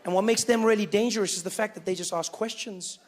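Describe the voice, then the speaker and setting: Young South African male comic, high light voice, lively self-mocking storyteller. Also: fast talker. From Johannesburg, South Africa. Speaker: stand-up comedian. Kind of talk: stand-up comedy routine.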